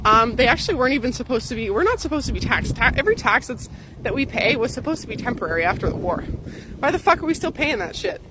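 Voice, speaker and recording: A young woman venting in a heated, profane rant, swinging from high, animated outbursts to sarcastic asides. Her voice sits high and jumps around a lot. Loud wind and engine noise roars behind her as she talks from a moving vehicle. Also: fast talker. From Canada. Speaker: ranting vlogger.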